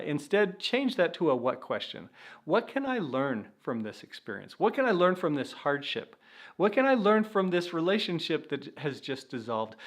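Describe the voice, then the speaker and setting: A man hosting an inspirational faith-based talk, speaking earnestly and encouragingly straight to the viewer, pausing to reflect now and then. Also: on the high side. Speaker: self-help video host.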